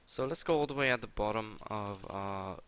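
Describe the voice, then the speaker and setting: A young man walks through a programming tutorial in a loose, halting way, often pausing on uh and um while he types. His voice sits a little low but sounds bright and forward. Soft keyboard clicks and a faint hiss run underneath. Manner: casual, hesitant, with many uh and um fillers. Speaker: coding tutorial host. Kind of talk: screen-recorded coding tutorial.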